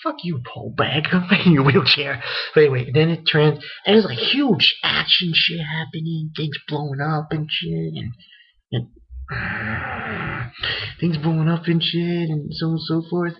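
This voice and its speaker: A man's voice: fairly high pitch, lively intonation, measured pace, gravelly, husky. A man giving a casual, rambling spoken recap of an anime episode, full of fillers and swearing. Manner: rambling, loose, swears a lot, many fillers. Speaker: anime reviewer. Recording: dull lo-fi recording.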